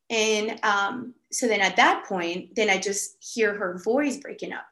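A woman telling a story casually on a podcast, animated and full of "like" fillers. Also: medium pitch, unhurried, few pauses. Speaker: podcast guest. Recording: echoey room.

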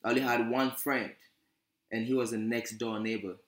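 A man, a podcast guest telling his life story in a relaxed, chatty way. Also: medium pitch, normal speed, reverberant. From Ghana. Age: 20s. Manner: relaxed, chatty, frequent fillers. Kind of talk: casual interview storytelling.

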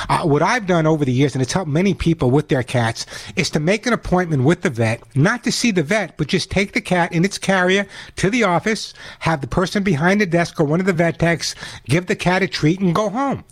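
A male radio host with a notably high voice runs a call-in pet show. He talks in an energetic, chatty flow and reads the phone number out slowly.

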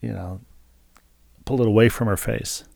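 A man's voice: lowish voice, steady tone, normal speed, gravelly, a little mellow, no room sound. A middle-aged man co-hosting a podcast, telling a story in casual chat with dry, wry humor. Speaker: podcast co-host.

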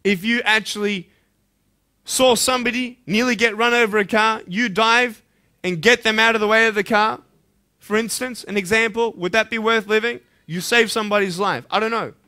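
A man delivers an impassioned motivational speech to students, pressing them with direct questions. His voice is bright and ringing, pitched a touch above the usual male range, and it swings between loud urging and quiet, intense moments. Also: fairly even intonation, moderate pace. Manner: direct rhetorical questions to listeners. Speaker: motivational speaker. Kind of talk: motivational speech to a school audience.

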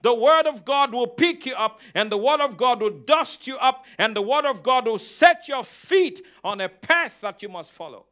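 A man's voice: very high voice, lively intonation, moderate pace, few pauses, pushed and bright. A man preaching a sermon as pastor, asking the congregation questions and repeating key phrases.

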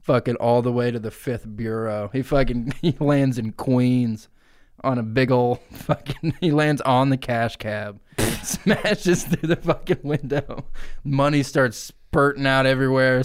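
A man co-hosting a comedy podcast, telling a crude absurd story and breaking into squeaky character noises. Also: steady tone, measured pace, clear, resonant tone. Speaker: podcast co-host. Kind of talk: improvised comic storytelling.

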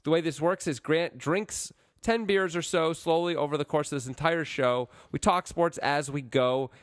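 A man co-hosting a casual sports podcast, animated and jokey with a playful deadpan streak. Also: on the high side, normal speed, no room sound, studio quality. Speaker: podcast co-host.

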